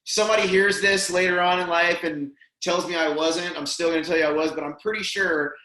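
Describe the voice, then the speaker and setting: A man's voice: high voice, fairly even intonation, a little fast, over a noisy crowd. A man telling a heartfelt story as a podcast guest, earnest and emotional, often saying "man" and "dude". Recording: roomy echo.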